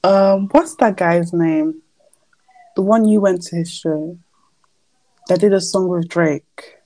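A woman's voice: on the low side, slow, mellow, no room sound. A young woman co-hosting a podcast, chatting casually and laughing easily. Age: young adult. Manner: laid-back, laughing, chatty. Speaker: podcast co-host. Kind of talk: casual chat.

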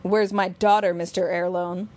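A woman's voice: on the low side, little pitch movement, moderate pace, a little mellow, close to an everyday voice. A woman voicing an anxious older father.

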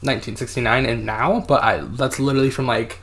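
Podcast co-host, a man who narrates a story in casual chat. He stumbles and restarts a lot and drops in "like" often. He reads quoted passages aloud in between, at a middling pitch. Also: steady tone, fast talker, fairly bright tone. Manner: hesitant, reads out quotes, many fillers.

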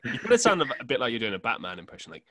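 A man's voice: mid-range voice, huge pitch swings, very fast, a bit bright. A man co-hosting a podcast in casual chat, with playful, giggly banter. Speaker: podcast co-host.

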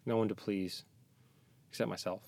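Weary podcast guest, a man with a lowish voice, soft and halting with dry jokes. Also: fairly even intonation, creaky. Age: young adult to middle-aged, a parent. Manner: soft-spoken, halting, reflective with joking asides. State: tired. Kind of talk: casual podcast chat. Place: small closet studio.

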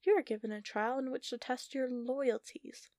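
A woman's voice: high voice, fairly even intonation, moderate pace, darkish tone, no room sound, pitched above the performer's own voice, lightly acted. A woman narrator voicing a scornful, mocking sorceress with a dry, taunting delivery.

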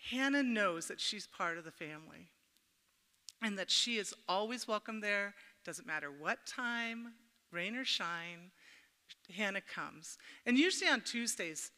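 A woman's voice: medium pitch, bright, forceful tone. A middle-aged woman giving an informal devotional talk at a church gathering, chatty and humorous, telling personal stories and speaking straight to her listeners. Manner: chatty and humorous, addresses the audience directly. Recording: reverberant hall.

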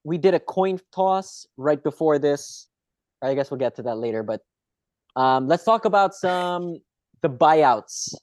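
Host, male, slightly higher voice, chatty and rambling, dry lo-fi recording. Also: expressive, measured pace, darkish tone, dry recording. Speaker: podcast host. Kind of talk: casual chat. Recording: dull, dry lo-fi sound.

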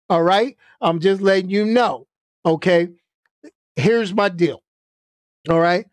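A man gives animated live-stream commentary at an unhurried, deliberate pace. He punctuates his points with repeated checks like "okay?" and "all right?". The sound is dry and close, with no room reverb. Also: high voice.

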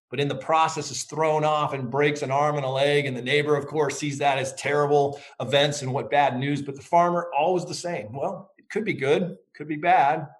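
A middle-aged man being interviewed as an author. He speaks in a reflective, measured way and tells stories. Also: a little high. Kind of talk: interview conversation.

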